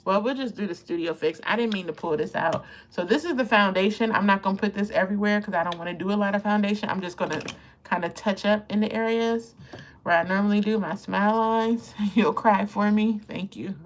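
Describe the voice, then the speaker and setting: A woman's voice: medium pitch, brisk, slight background noise. Chatty woman around fifty. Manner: chatty, emotional, laughs often, talks to viewers while applying makeup. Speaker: beauty livestream host. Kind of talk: casual live makeup chat.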